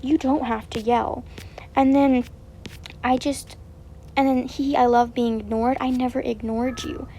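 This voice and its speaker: Woman streamer, upset commentary, rambling and repetitive, higher pitch, mellow tone. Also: flat delivery, a little slow, slight background noise, poor audio. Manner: rambling, repetitive, with many fillers and restarts. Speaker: game streamer.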